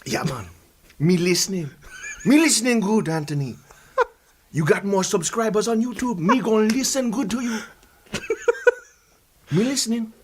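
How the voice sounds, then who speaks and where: A man hamming up a fake Jamaican stoner with a high, bright voice, dropping "me" in place of "I" and stretching out "man" at the end of every line. The delivery is mock-earnest, with laughter breaking through the act. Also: big pitch swings, a little hiss or hum. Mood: playful. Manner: broken "me" grammar, drawn-out "man" at line ends. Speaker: guest comedian.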